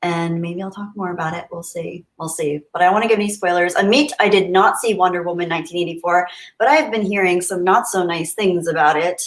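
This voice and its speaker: A woman's voice: lowish voice, fairly quick. A woman hosting a casual livestream, chatting and answering viewer comments aloud. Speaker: livestream host. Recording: roomy echo.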